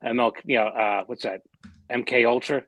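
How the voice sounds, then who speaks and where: A man's voice: mid-range voice, fairly even intonation, moderate pace, fairly bright tone, no echo. A man in his forties from the Philadelphia area, talking bluntly and skeptically in casual chat, swearing a lot. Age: 40s.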